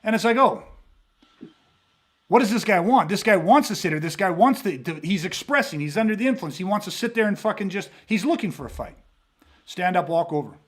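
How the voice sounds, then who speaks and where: High-voiced man telling profane, animated stories. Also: fairly quick. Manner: profane, animated storyteller acting out quoted voices. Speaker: self-defense instructor. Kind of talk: casual podcast monologue.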